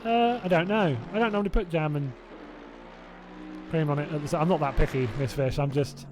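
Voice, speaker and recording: Commentating a sim race live, this southern English speaker from Hertfordshire talks fairly quickly in a fairly high voice over a noisy background. He's chatty and rambling with viewers between calls, doubting himself aloud and chuckling to himself.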